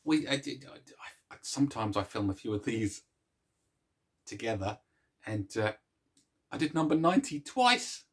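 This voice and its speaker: A man's voice: medium pitch, very animated, normal speed, pauses often, a bit bright, slightly rough. A man hosting a casual music show, chatting to viewers in a rambling, self-mocking way, with plenty of restarts. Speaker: host of a music series.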